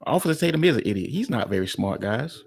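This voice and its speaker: Gravelly husky guy doing reaction commentary, blunt and mocking. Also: medium pitch, sing-song, fast talker, darkish tone. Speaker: commentary host.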